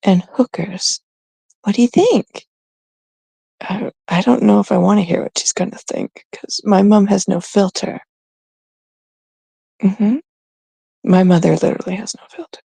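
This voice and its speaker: A woman's voice: medium pitch, normal speed, creaky, long pauses, dark tone, breathy edge, no echo. A middle-aged woman with a Canadian accent, hosting a livestream in casual, rambling chat with viewers, cursing freely. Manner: profane and rambling. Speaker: livestream host.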